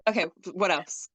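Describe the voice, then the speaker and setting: A woman's voice: mid-range voice, husky, dry recording. Chatty young woman, dry close sound. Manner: animated, rambling, laughs often, lots of fillers. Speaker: podcast co-host. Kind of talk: casual chat.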